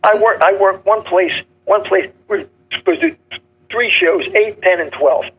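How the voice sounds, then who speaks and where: An older man telling comedy stories in a punchy, joke-driven way, acting out gruff characters. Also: sits high, normal speed, narrow, tinny audio. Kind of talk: casual storytelling interview.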